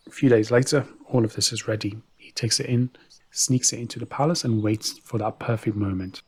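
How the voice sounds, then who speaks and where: A man's voice: fairly low pitch, fairly even intonation, brisk, a little mellow, husky. A man narrating a story in a casual, conversational way, with asides to the listener.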